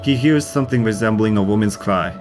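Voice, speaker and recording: A man reading a scripted narration of a haunting in an even storytelling manner. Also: fairly low pitch, fast. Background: music.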